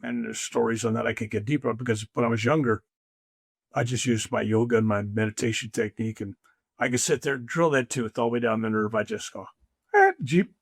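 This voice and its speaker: Fast and creaky, this medium-pitched male voice comes through in studio quality with no room sound. He's an older spiritual teacher, a guest in a conversation, animatedly telling stories and performing the voices he quotes.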